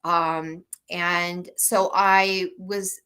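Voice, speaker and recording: A woman from Michigan chats through an interview as the guest author. Her voice sits fairly low but sounds bright and forceful. She rambles warmly through her stories, full of fillers and restarts. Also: little pitch movement, extremely slow. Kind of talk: casual interview storytelling.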